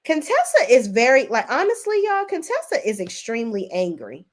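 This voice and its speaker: A woman hosting a casual reality TV recap, sassy and expressive, laughing often, with big swings in pitch. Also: moderate pace. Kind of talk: casual commentary with live chat.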